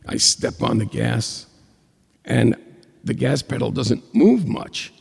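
An older man telling a comic personal story, animated and acting out the dialogue. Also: mid-range voice, slow, creaky, breathy edge. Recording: long hall reverb.

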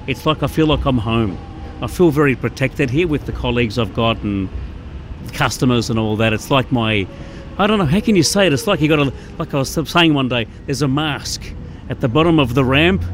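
A man who works as a train station announcer, speaking in a casual interview in a shy but animated way and laughing easily, recorded on an outdoor station platform. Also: medium pitch, fairly quick, slight background noise. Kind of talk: casual interview, with bits of singing.

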